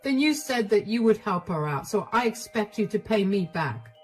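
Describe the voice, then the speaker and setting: A woman's voice: mid-range voice, expressive, moderate pace, natural voice. A stern, accusing young husband, read by a woman narrator in a storybook tale. He speaks curtly in a mid-range voice. Faint music runs beneath.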